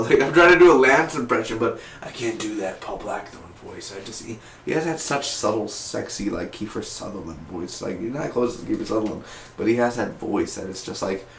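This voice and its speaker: Excitable slangy young man reviewing TV. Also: medium pitch, brisk, slight background noise. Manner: excitable, slangy, says "man" and "dude" a lot. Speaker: TV episode reviewer. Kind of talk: casual review vlog. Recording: roomy echo.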